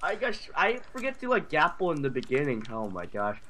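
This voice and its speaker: A man's voice: on the high side, fairly quick. A man hosting a casual gameplay video, rambling with lots of fillers and yelping when things go wrong. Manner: excitable and rambling, full of fillers and yelps. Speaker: gaming video host.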